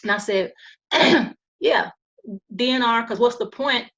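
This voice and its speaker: A woman guest on a podcast, telling a personal story in a calm, earnest way, with frequent restarts and fillers. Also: on the high side, slow pace.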